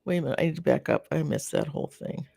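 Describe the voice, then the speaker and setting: A host of a live garden chat, from North America, talking casually and reading viewer comments in a rambling, halting way with many fillers and restarts, sympathetic toward the viewers. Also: mid-range voice, wildly swooping pitch, vocal fry, a little mellow, no room sound.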